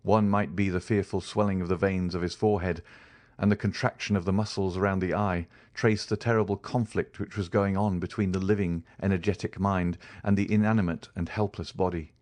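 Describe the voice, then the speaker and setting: A man reading a classic novel aloud as an audiobook narrator, in a measured, dramatic way. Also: low voice, fairly even intonation, a little mellow, no echo. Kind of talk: scripted narration.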